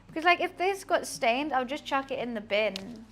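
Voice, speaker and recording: A woman's voice: high voice, animated, moderate pace, fairly bright tone. A young woman chatting casually on a cooking live stream, rambling through asides in her home kitchen.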